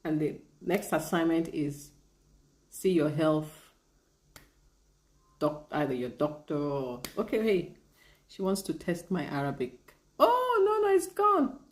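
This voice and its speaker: A woman chatting casually on a live stream, reading viewer comments, laughing often and trying out halting Arabic phrases. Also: low-pitched, darkish tone, echoey room. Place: lives in Bahrain.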